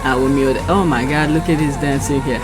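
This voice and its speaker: Over loud music, a woman with a bass voice talks fairly quickly in a steady tone. As host of her channel, she gives casual commentary on clips and posts, reacting aloud while she scrolls.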